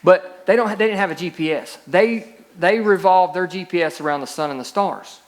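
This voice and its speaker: Emphatic higher-voiced man preaching. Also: normal speed. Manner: preaching with scripture readings, rising emphatic peaks. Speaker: pastor. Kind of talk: sermon.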